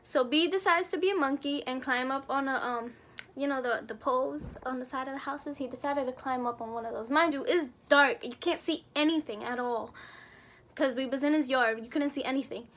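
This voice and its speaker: A young woman vlogger telling a casual storytime, animated and slangy, acting out what people said. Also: high-pitched, brisk.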